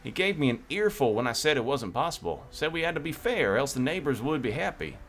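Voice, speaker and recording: A man's voice: mid-range voice, very animated, fairly quick, fairly bright tone, faint music behind. A man voicing a cheerful male cowboy merchant from a game, in a put-on country drawl. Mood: folksy. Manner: folksy storytelling.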